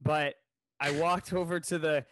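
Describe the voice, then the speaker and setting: A man spins a funny anecdote in casual podcast chat, slipping into voices for the people he quotes. His voice sits a little high for a man. The sound is dry and close, with no room around it. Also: a little slow, dry recording. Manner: animated, jokey storyteller who acts out quotes. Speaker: podcast co-host. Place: New York City.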